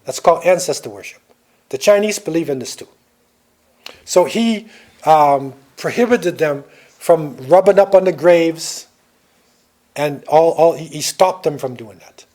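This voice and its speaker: A man's voice: a little high, expressive, a little slow, long pauses, a little mellow. An older man giving a classroom lecture, telling stories and often checking in with the listeners. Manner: storytelling, checks in with "right?".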